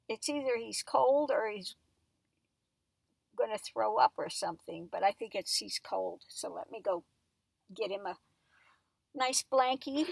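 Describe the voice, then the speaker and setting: Gravelly lady rambling away at home, chatty, dry close sound. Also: mid-range voice, no room sound. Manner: rambling, chatty, coos to her dog. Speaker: tarot reader. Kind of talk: casual chat.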